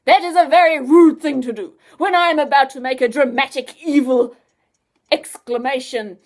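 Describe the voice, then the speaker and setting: A woman's voice: fairly high pitch, expressive, normal speed, lightly acted. Storybook villain: a woman playing a theatrical, easily offended evil male scientist, raised voice. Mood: gloating. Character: pompous evil male mad scientist, touchy and boastful. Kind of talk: storybook reading.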